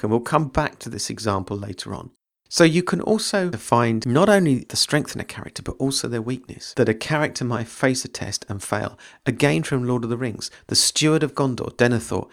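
A man teaching creative writing in a podcast lesson, measured and explanatory, reading passages aloud. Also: medium pitch, gravelly.

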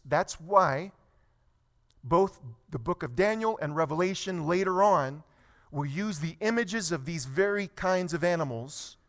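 A man preaching a sermon, reading scripture slowly and then building to emphatic points. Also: fairly high pitch. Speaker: pastor.

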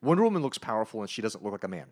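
A middle-aged man co-hosting a podcast, chatting casually in an excitable, emphatic, ranting way. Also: fairly low pitch, rapid-fire. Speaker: podcast co-host. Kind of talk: casual chat.

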